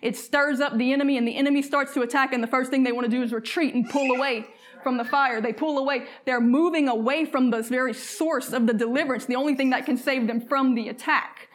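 In church, a woman delivers a fervent sermon, easing her pace to read from scripture and urging the congregation to respond. Her voice sits high with fairly even intonation, and there's a slight hiss or hum in the background.

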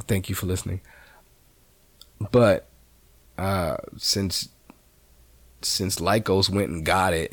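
Deep-voiced man rambling on a podcast. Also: dry recording. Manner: rambling, profane and laid-back, with many restarts and asides. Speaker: podcast host. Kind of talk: solo freeform podcast chat.

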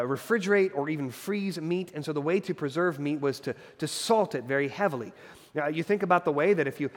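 Preaching man in a reverberant hall. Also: on the high side. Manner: earnest preaching, emphatic repetitions, conversational asides with fillers. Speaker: pastor. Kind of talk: sermon.

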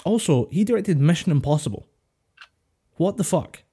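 A man's voice: fairly high pitch, expressive, moderate pace, mellow, husky. A man co-hosting a podcast over a voice call, rambling, laughing often and swearing casually. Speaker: podcast co-host. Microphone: voice call headset or desk mic.

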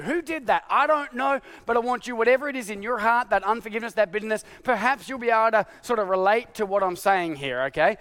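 A male pastor preaching a sermon in an animated, confessional way, swinging from shouted exasperation to hushed tones. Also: high voice.

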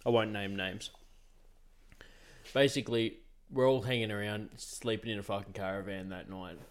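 A young man, hosting a podcast and telling stories in casual chat, relaxed and full of swearing and laughter. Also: on the low side, moderate pace. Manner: laid-back, swears a lot, laughs often. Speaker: podcast host.

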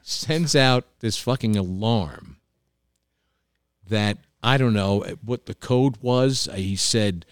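A man's voice: lowish voice, slow pace, smooth, no echo, studio quality. A man who owns a restaurant, telling stories in casual chat, acting out what people said and swearing freely. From New York. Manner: animated, profane storyteller acting out quotes. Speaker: restaurant owner, guest. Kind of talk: casual storytelling.

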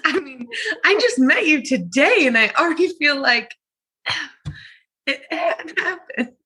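A woman's voice: high-pitched, lively intonation, slow pace, bright, forceful tone. A woman hosting a casual chat, throwing in playful teasing remarks and toasts.

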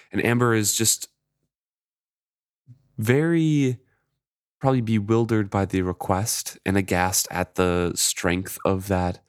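A man co-hosting a podcast, retelling and discussing a book chapter in a relaxed, thoughtful way. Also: on the low side, measured pace, no echo, studio quality. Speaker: podcast co-host. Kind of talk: casual chat retelling a book.

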